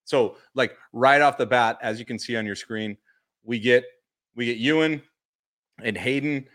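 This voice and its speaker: A man co-hosting a casual podcast chat, telling stories animatedly and acting out quotes. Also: a little slow. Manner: animated storyteller, acts out quotes in high voices. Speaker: podcast co-host.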